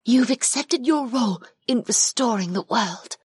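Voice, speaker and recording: A man's voice: very high voice, expressive, measured pace, husky, dry recording, clean studio sound, voice pushed up, exaggerated voice. A man doing a honeyed, serene goddess. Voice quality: honeyed, soft. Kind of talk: audiobook character voice.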